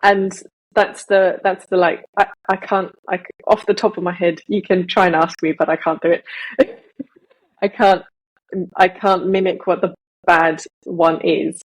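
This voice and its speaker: A woman's voice: lowish voice, flat delivery, a little slow, poor audio. A young woman with a British accent chatting on a podcast, rambling and hesitant with many fillers and restarts. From Malaysia. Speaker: podcast co-host. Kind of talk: casual podcast chat.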